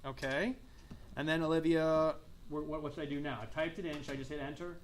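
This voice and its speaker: A man teaches a classroom math lesson, his voice sitting a little high for a man. He keeps asking the class questions and echoing their answers back, with a faint hiss in the recording. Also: steady tone, fast. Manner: coughs and clears throat now and then. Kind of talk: classroom lecture.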